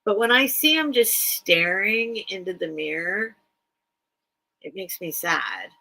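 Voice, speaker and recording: A woman's voice: medium pitch, animated, takes it slowly, vocal fry, bright, forceful tone, low-quality recording. A middle-aged woman hosting a casual live-stream sale from home, chatty and rambling with lots of ums. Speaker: online vintage seller.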